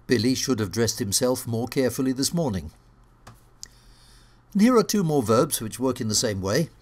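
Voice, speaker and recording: A middle-aged man teaching an English grammar lesson, reading clear scripted narration in a lively teacher's manner. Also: mid-range voice. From England.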